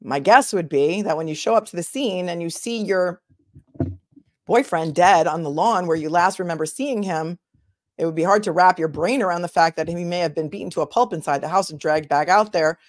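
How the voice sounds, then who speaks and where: Woman, attorney host, casual commentary, answers chat, low pitch, dry sound. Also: fairly quick, no room sound. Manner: chatty, thinks aloud, answers chat directly. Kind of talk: casual livestream commentary reading viewer comments.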